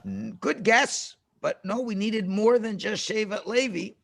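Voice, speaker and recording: A rabbi telling a lesson story to children over a video call, dramatic and full of questions to the kids. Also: male voice, high-pitched, a little slow, gravelly, fairly bright tone, no echo, clean studio sound.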